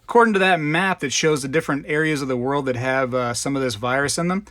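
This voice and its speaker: A man's voice: a little high, fast talker, hardly any pauses, fairly bright tone, dry recording, studio quality. A man hosting a live stream in casual, rambling chat, greeting viewers by name. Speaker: livestream host.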